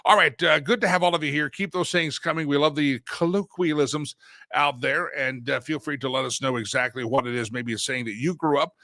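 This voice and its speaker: Man, talk show host, folksy, chatty, bright tone, dry close sound. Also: fairly high pitch, fairly quick, no room sound. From Southern United States. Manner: chatty, folksy, laughs often. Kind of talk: casual live-stream talk.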